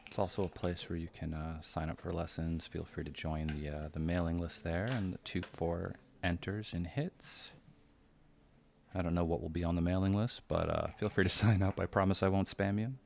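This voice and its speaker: Hushed, gravelly man commentating. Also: low voice, fairly even intonation, normal speed, a little hiss or hum. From United States. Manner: hushed, near-whispered, thinking aloud. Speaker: backgammon commentator. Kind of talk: live game commentary.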